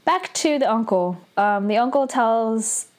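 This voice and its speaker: A woman's voice: fairly high pitch, lively intonation, unhurried. A young adult woman giving a casual, chatty recap of a drama episode, laughing often and filling her talk with "like" and "you know".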